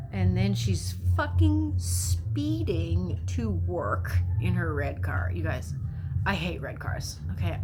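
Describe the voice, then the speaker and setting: A woman's voice: lowish voice, background noise. A woman vlogger recapping a movie in a casual, rambling way, swearing freely and getting sarcastic.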